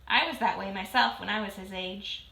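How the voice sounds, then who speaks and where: A woman's voice: mid-range voice, moderate pace, gravelly, bright, forceful tone. A woman voicing a carefree tiny old uncle in a storybook, breezy and dismissive. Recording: roomy echo.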